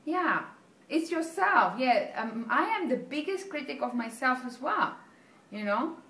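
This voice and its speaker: A woman's voice: high-pitched, very animated, measured pace, fairly bright tone. A woman presenting a self-help video, speaking in an earnest, encouraging way and often checking in with her listeners by asking "okay?" or answering her own questions. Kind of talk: motivational talk to camera. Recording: echoey room with faint background noise.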